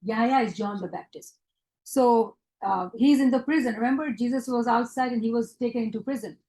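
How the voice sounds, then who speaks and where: A woman's voice: fairly high pitch, a little fast, dark tone, poor audio. A woman leading a devotional teaching session. She asks her listeners questions and answers them herself, slipping into Gujarati and Hindi phrases.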